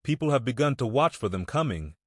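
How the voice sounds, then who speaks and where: Audiobook: cocky young soldier, calm and contemptuous, read by a male narrator, dry sound. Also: mid-range voice, a little fast, slightly rough, no room sound. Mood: smug. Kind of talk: audiobook character voice.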